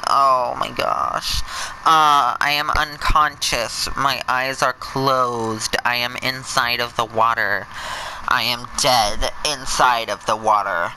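Campy male let's-play host, over the top, leisurely pace, a very bright voice. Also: mid-range voice, takes it slowly, a little hiss or hum, low-quality recording. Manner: sassy, camp, over-the-top; shouts bursts of excitement. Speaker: gameplay commentator.

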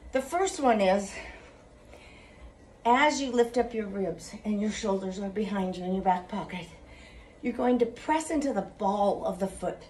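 A woman's voice: medium pitch, a little mellow, a little hiss or hum. A woman fitness instructor talking through an exercise routine step by step, with a cheerful greeting and sign-off. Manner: slow, deliberate coaching with cheerful sign-off.

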